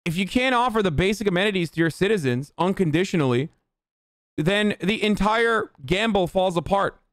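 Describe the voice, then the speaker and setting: A man's voice: high-pitched, no room sound, studio quality. A man streaming live, ranting with heavy profanity and answering his chat. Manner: reads viewer chat aloud and answers it. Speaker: livestreamer. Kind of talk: livestream rant and chat replies.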